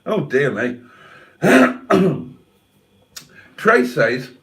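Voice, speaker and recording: A man hosts a casual livestream, answering his chat with wry, mock-theatrical teasing. His fairly high voice swings widely in pitch. He sits a little back from the microphone, so the sound is slightly distant. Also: sing-song, drawn-out words, fairly bright tone. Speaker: livestream host reading chat.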